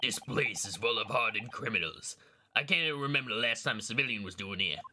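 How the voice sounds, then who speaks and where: A man reading game dialogue aloud, voicing a gruff, dismissive middle-aged prison governor. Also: medium pitch, expressive, fast, pushed and bright, a little hiss or hum. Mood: scornful. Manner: brusque, dismissive.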